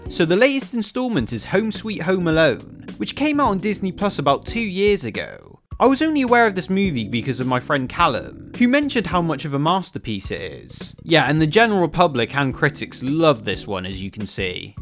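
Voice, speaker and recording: A man's voice: on the high side, very animated, normal speed, hardly any pauses, a bit bright, soft background music. Sarcastic man reviewing a film. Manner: sarcastic, exasperated, profane. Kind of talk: comedic film review commentary.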